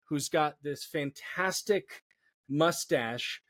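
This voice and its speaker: A man's voice: a little high, very slow, no room sound, clean studio sound. A man as a podcast guest, telling history in a casual, jokey way. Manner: animated, jokey storyteller.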